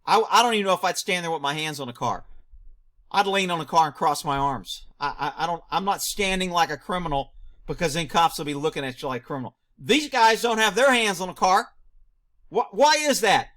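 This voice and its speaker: A man reacting to a news clip, firing off rhetorical questions, answering them himself and shouting mocking asides. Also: high voice, expressive, brisk. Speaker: video commentator; former police officer.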